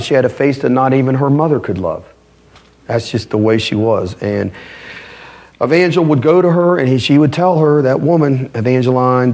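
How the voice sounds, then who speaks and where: A man's voice: mid-range voice, a little mellow. A male pastor delivering a sermon in an emphatic, conversational way.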